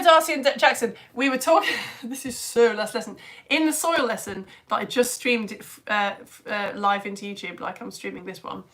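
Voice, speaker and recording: A woman and mother, chatting excitedly to her live-stream audience as she reads out their comments. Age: adult parent. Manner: excitable, chatty, with big swings in pitch and loudness. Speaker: live-stream educator reading chat comments.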